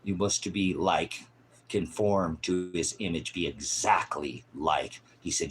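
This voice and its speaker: Confrontational low-voiced male preacher. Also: a little slow. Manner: confrontational, mocking, scolding; swings from loud outbursts to low mutters. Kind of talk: fiery improvised sermon.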